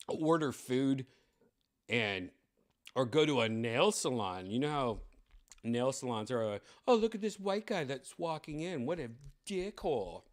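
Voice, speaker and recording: A man hosting a live stream, talking casually in a rambling, excitable way with lots of fillers. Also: medium pitch. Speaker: streamer host.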